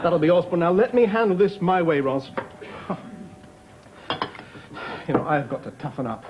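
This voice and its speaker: An actor playing a pompous, self-important middle-aged office manager in a 1990s studio sitcom. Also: male voice, on the high side, animated, fast, a crowd in the background, noisy background, lightly acted. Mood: defensive. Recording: dull broadcast sound, studio audience laughter.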